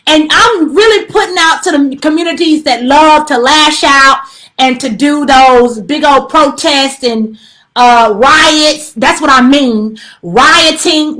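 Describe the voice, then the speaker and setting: On a phone live stream, a woman with a high, bright, forceful voice makes an emphatic spiritual plea straight to viewers. She's preachy and repetitive, repeating pleas and warnings, and her talk is laced with casual slang and many fillers.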